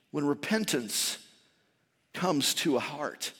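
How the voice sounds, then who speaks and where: A man preaching a sermon as a pastor, impassioned, swinging from loud shouts to soft, intimate tones. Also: medium pitch, lively intonation, moderate pace. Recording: long hall reverb.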